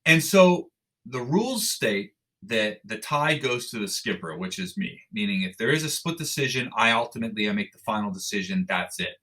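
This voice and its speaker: Guy telling a war story on a podcast, punchy bright voice, blunt, cusses a bit. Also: fairly low pitch, normal speed. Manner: animated storyteller who acts out dialogue, with frequent restarts; blunt, swears casually. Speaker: podcast guest, endurance athlete. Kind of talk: storytelling in an interview.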